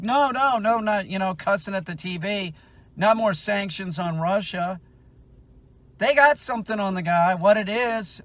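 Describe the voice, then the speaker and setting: A man giving an unscripted, heated rant, rambling and swearing, with many restarts. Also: on the high side. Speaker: dog trainer ranting on his channel.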